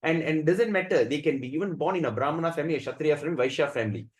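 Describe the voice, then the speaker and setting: A man teaching a devotional scripture class, telling stories in an animated way, acting out the voices and often restarting his sentences. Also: a little high, very fast, low-quality recording. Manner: animated storyteller who acts out the voices, with frequent restarts. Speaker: spiritual teacher.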